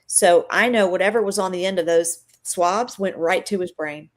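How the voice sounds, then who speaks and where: A middle-aged woman with a slightly low voice talks as a live-stream guest. She tells her story in an earnest, emotional and chatty way. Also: moderate pace.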